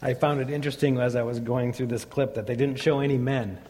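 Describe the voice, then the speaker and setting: A man's voice: medium pitch, fairly even intonation, quick pace, darkish tone, a little hiss or hum. A man in his fifties, a pastor, reading scripture and then preaching in a plain, conversational way. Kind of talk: sermon. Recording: long reverb of a church hall.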